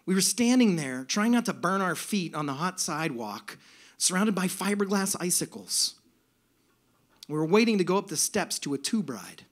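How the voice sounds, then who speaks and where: A man telling a comic personal story live on stage, in an animated, self-mocking way. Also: sits high, moderate pace. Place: stage at a music venue.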